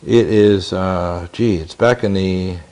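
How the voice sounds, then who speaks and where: A man's voice: low voice, steady tone, slow, mellow. Intense, rambling man in his 60s. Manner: intense, rambling, with many restarts and quoted dialogue. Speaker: interview guest. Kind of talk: long-winded interview storytelling.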